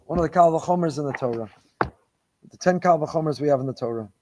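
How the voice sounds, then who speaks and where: A man's voice: on the high side, fairly quick, darkish tone, slight background noise. A middle-aged man, a rabbi giving a Torah lecture, who talks emphatically and repeats phrases for stress.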